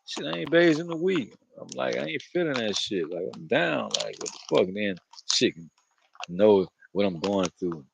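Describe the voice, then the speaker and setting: A man's voice: fairly low pitch, expressive, normal speed, creaky, background noise. A man talking to camera outdoors in a loose, rambling monologue, slangy and profane, often laughing. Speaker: vlogger.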